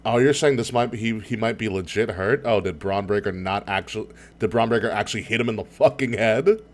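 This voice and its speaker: A man with a fairly low voice co-hosts a casual podcast. He talks in excited, rambling bursts, swears freely and breaks into laughter often. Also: a little fast. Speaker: podcast co-host. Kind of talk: casual chat.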